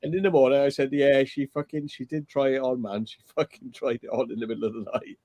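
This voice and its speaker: A man's voice: mid-range voice, steady tone, fast talker, warm tone, dry recording. Man telling crude stories, dry sound. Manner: rambling, profane storytelling with frequent laughs. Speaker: livestream host. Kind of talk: casual late-night chat.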